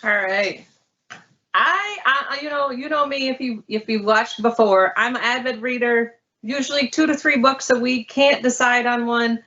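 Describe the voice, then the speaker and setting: A woman's voice: on the high side, moderate pace, pushed and bright. A woman librarian talking about books she loves, in a chatty, enthusiastic way. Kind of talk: casual book talk. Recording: lo-fi muffled audio.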